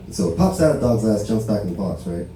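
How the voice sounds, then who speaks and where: A man's voice: lowish voice, big pitch swings, fast, dark tone, slight background noise. A man from Los Angeles doing a casual, profane stand-up set, telling stories and tagging lines with "right?". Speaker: stand-up comedian. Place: barbershop comedy show. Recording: very echoey room, mic far away.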